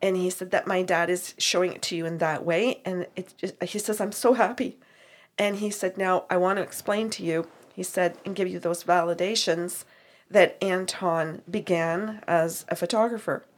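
A woman's voice: fairly low pitch, normal speed. Woman medium retelling a session. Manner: animated retelling with quoted dialogue. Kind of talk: storytelling chat.

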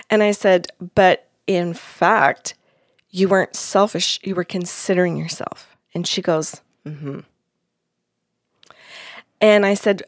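A woman medium chats casually as she retells a session, slipping in and out of quoted dialogue. Her voice sits a little low, and the sound is close and dry, with no room around it. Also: no echo. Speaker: psychic medium. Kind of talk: casual storytelling chat.

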